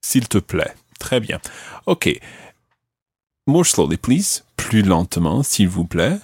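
A man hosting a podcast language lesson, patiently prompting a learner and slowing down for example phrases. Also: lowish voice, big pitch swings, a little mellow, breathy edge, no echo. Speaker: language teacher and podcast host.

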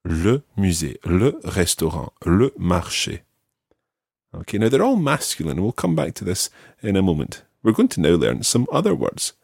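A man hosting a language-learning podcast, teaching patiently and modelling words clearly for the listener. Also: low-pitched, sing-song, moderate pace, a little mellow, no room sound, studio quality. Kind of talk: language lesson with an ad read.

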